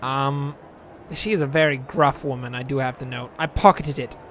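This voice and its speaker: A man's voice: medium pitch, fairly even intonation, moderate pace, fairly bright tone, a little hiss or hum. A man reading a text game aloud with playful, rambling, jokey asides. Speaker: game streamer.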